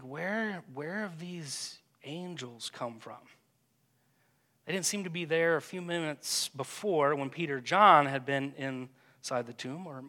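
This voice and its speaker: Man guiding prayer in a reverberant church. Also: fairly high pitch. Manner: gentle, hesitant, repeats words. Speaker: pastor. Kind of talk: guided prayer meditation. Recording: long reverb of a church hall.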